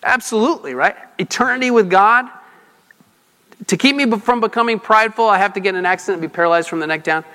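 A man's voice: sits high, quick pace, pushed and bright. A male pastor preaching a sermon in a conversational way, putting questions to the congregation and restarting his sentences often. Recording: reverberant hall.

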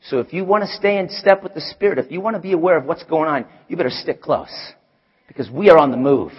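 A man preaching a sermon as pastor, animated, moving from hushed asides to shouts. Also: fairly high pitch, fast, husky, dull audio. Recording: long hall reverb.

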